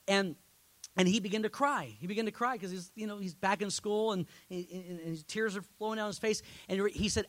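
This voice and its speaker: High-voiced, impassioned male pastor preaching. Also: a little fast, no echo. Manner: storytelling that swells to loud, impassioned peaks. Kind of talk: sermon.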